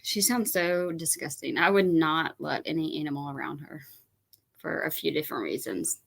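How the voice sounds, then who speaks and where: A woman hosts a reaction commentary with a voice that is low for a woman and forceful. She sounds exasperated and incredulous as she pushes back on what she has just heard. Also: lively intonation, moderate pace, creaky, poor audio. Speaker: commentary host.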